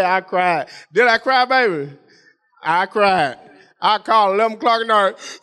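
Middle-aged preacher guy, pretty high voice, folksy and chatty, keeps repeating himself to drive it home. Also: animated, normal speed, a bit bright, clear, resonant tone. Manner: folksy, conversational preaching addressing the congregation; repeats phrases for emphasis. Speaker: pastor. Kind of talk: sermon.

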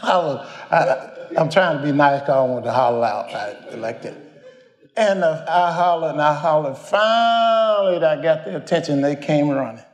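A man's voice: a little high, expressive, moderate pace, roomy sound. An older man, preaching a folksy storytelling sermon, rambling and homespun as he addresses the congregation.

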